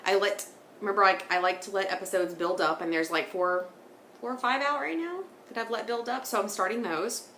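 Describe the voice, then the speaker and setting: A woman's voice: mid-range voice, brisk, a bit bright, roomy sound, a little hiss or hum. A woman in her thirties hosting a knitting podcast, chatting casually and rambling, laughing often. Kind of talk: casual chat. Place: home sitting room.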